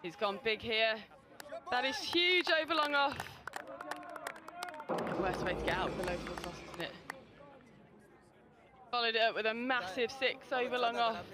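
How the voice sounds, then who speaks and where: A woman giving live cricket commentary in an upbeat, lively way. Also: fairly high pitch, measured pace, long pauses, a crowd in the background. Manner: bright, upbeat, lightly laughing.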